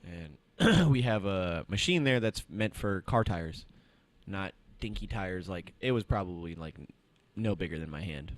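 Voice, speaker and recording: Young man telling a lively story. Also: deep voice, a little slow. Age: young adult. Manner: animated storyteller acting out quotes. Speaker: podcast co-host. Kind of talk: casual chat.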